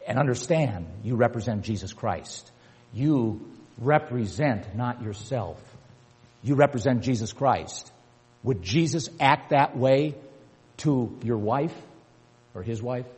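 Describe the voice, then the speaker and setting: An older man preaching a sermon with emphasis, repeating key words and building to forceful peaks. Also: mid-range voice, slow pace, breathy edge. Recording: long hall reverb.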